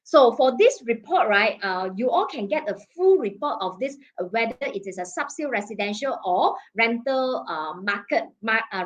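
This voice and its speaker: A woman with a Malaysian English accent presenting market data in a webinar, checking in with "okay?" and "right?" and pausing on fillers. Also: on the high side, a bit bright. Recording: dull lo-fi webinar audio.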